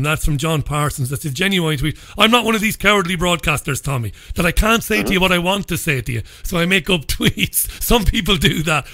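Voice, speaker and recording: An Irish man hosting a radio talk show, chatty and relaxed, reading out listener messages. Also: sits high, moderate pace.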